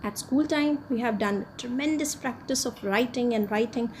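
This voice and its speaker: A woman gives a spoken lesson in a high, mellow voice. She explains patiently and repeats herself often. A faint background hiss runs under her voice. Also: moderate pace. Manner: patient, repetitive teaching with frequent "yes". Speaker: English teacher.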